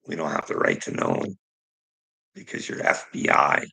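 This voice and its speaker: A man's voice: very deep voice, very animated, moderate pace, gravelly, pushed and bright, breathy edge, poor audio. A man delivering a heated, profane rant to his viewers, confrontational and swearing constantly. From Canada. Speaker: streamer.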